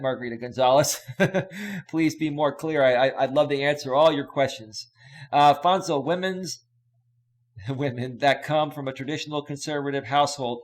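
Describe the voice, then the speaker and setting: A man coaching on relationships in a casual live stream, emphatic and repetitive, reading out viewer questions. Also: on the high side. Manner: emphatic, repetitive, reads chat questions aloud.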